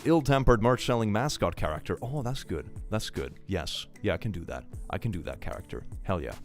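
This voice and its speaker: A man's voice: fairly low pitch, expressive, fairly quick, soft background music. A young man chatting casually on a live stream, joking and laughing often.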